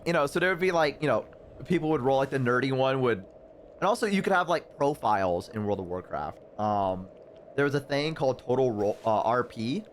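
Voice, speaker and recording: A man's voice: medium pitch, brisk, slight background noise. Rambling man telling a stream story. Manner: animated, rambling, full of "like" fillers. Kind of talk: casual storytelling chat.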